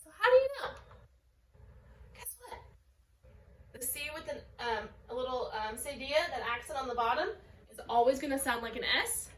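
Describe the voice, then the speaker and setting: A woman's voice: high-pitched, expressive, moderate pace, pauses often, slight background noise. A woman French teacher recording a video lesson, explaining step by step and modelling French words and phrases. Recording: echoey room, voice a bit far from the mic.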